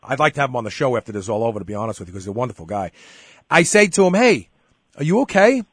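In a relaxed conversation, this middle-aged host spins an animated story and performs the dialogue himself. He speaks at a racing pace in a husky voice on the low side. There's no room sound.

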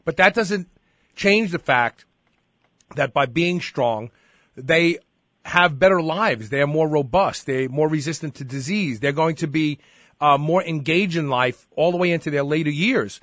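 A man's voice: a little high, unhurried, fairly bright tone, no echo, studio quality. A man hosting a radio talk show, speaking emphatically with fillers and restarts.

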